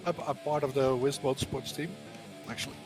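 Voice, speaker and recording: A man's voice: mid-range voice, steady tone, brisk, music in the background. A man from the Netherlands with a Dutch accent, a team driver chatting casually and modestly as a guest. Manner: modest, hesitant, laughs easily. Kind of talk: casual chat.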